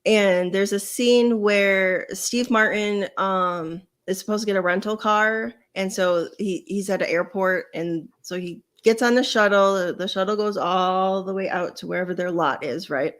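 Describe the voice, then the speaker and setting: A woman in her forties hosts a podcast with a voice of middling pitch. She tells stories in a relaxed, rambling way, keeping the chat casual. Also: measured pace, few pauses. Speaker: podcast host.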